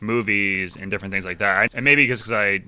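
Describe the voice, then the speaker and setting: A man co-hosting a casual book-club podcast, animated, tripping over and repeating words, laughing often. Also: lowish voice, quick pace, smooth. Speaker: podcast co-host.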